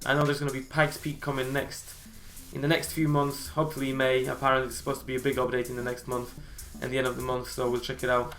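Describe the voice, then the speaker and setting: A man's voice: mid-range voice, completely flat delivery, fast talker, hardly any pauses, fairly bright tone, soft background music. A man hosting a gaming channel, chatting casually and thinking aloud while he plays. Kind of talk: casual gameplay commentary.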